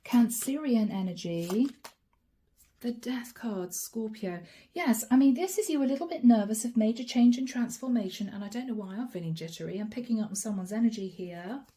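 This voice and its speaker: A woman giving a channeled tarot reading in a chatty, animated way, speaking straight to the listener by star sign and dropping to a soft whisper as she names each card. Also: on the high side, fairly quick, hardly any pauses, slight background noise. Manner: drops to a soft whisper when naming cards. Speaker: tarot reader.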